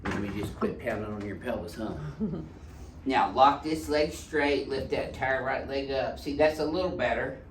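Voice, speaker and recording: A man's voice: medium pitch, normal speed. A man, a chiropractor joking and giving instructions to a patient while he treats her. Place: treatment room in a clinic. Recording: roomy clinic room, mic at a distance, background noise.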